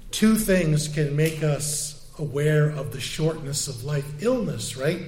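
An older man with a high voice gives a sermon in a loose, conversational way. He keeps tossing rhetorical questions and quick asides to his listeners. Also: lively intonation, darkish tone. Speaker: pastor.

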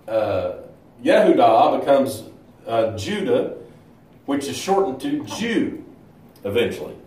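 A man giving a Bible lesson at an easy, halting pace, stopping often to search for words. His voice sits at an ordinary middle pitch. The sound carries a roomy echo. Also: mellow. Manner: unhurried, halting, many filler pauses. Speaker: Bible teacher. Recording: echoey room.

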